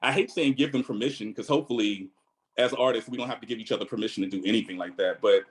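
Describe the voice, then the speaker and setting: A man's voice: lowish voice, fast, a little hiss or hum, poor audio. A man with a Virginia accent, a choreographer on an online panel, talking earnestly on a video call and thinking aloud. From Virginia, USA.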